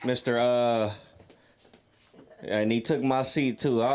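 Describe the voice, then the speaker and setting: A man's voice: medium pitch, fairly even intonation, slow pace, pauses often. A drunk man doing a crude, rambling open mic stand-up set on a comedy club stage, roasting the crowd. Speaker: stand-up comic.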